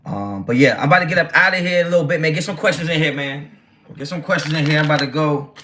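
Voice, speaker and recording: A man's voice: fairly high pitch, steady tone, very fast, bright, forceful tone, slight background noise. A man hosting a casual football livestream, talking brashly and with a lot of swearing as he answers his chat. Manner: brash, profane, reads chat aloud. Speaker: livestream host.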